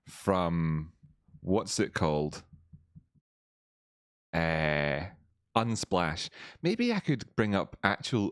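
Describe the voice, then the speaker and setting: A man's voice: deep voice, no echo. Man, voice-changer effect, chatty live-stream host, dry close sound. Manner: chatty, greets viewers, laughs often. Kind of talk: casual live-stream chat.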